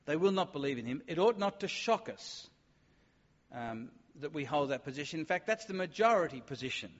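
A man's voice: on the high side, animated, a little fast. A man preaching a sermon, emphatic, sometimes acting out the voices of doubters. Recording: dull sound with long hall reverb.

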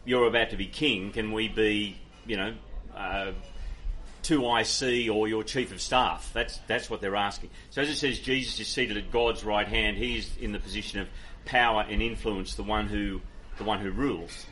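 A man's voice: lowish voice, steady tone, moderate pace, fairly bright tone, a little hiss or hum. A man from Ireland preaching a sermon and answering audience questions in an earnest, conversational way, with many fillers and restarts. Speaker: pastor.

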